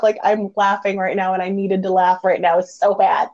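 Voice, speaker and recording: A woman hosting a casual conversation, telling stories with lots of laughter and animated quoted dialogue. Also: medium pitch, normal speed. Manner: animated storyteller, laughs often. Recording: dull lo-fi audio.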